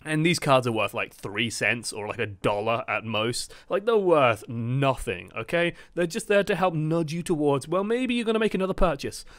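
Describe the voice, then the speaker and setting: A man hosting a gaming video, delivering a sarcastic, animated rant. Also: a little high, normal speed, few pauses, no echo. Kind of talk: ranting commentary.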